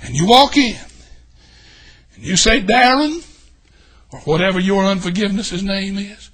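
High, husky preacher. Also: male voice, a little slow. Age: older. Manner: folksy, swings from shouting to hushed. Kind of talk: sermon. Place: church.

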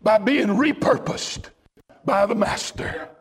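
A male preacher delivering a sermon, shouting in bursts as he tells a story. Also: high voice, takes it slowly, slight background noise.

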